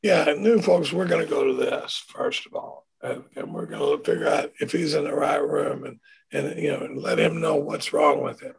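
A man telling recovery stories in a relaxed conversational way, acting out the people he quotes. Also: on the high side, normal speed, vocal fry, husky. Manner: animated, acts out quoted voices. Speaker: recovery speaker. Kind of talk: conversational storytelling.

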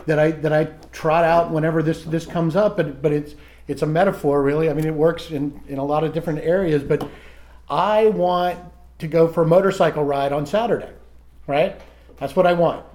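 A middle-aged man sharing candidly in a recovery group, self-mocking and halting, often restarting his sentences. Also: fairly high pitch, steady tone, a little mellow.

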